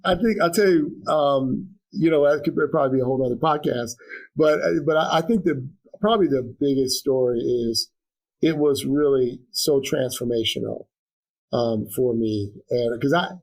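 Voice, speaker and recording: A man's voice: medium pitch, normal speed, vocal fry, darkish tone, poor audio. A middle-aged man speaking as a guest in an interview, earnest and reflective, with frequent restarts and fillers. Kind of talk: conversational interview.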